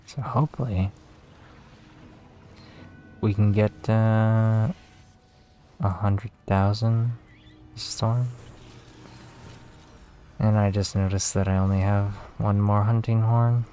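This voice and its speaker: A man giving casual, relaxed commentary while playing a game, tired and talking to himself with some swearing. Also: lowish voice, takes it slowly, pauses often, a little hiss or hum. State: tired, yawning. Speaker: gaming video creator.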